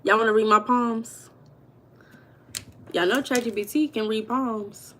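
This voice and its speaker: A woman's voice: on the high side, steady tone, measured pace, fairly bright tone, slight background noise. A woman hosting a live stream, chatting casually with her viewers and laughing often. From United States. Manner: chatty, talks to chat viewers, calls them baby and girl; laughs often while talking.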